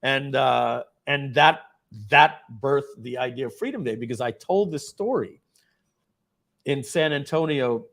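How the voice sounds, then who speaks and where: A man's voice: mid-range voice, a little slow, vocal fry, fairly bright tone. A middle-aged man, a company founder, telling a dramatic personal story at a company event and acting out the scenes.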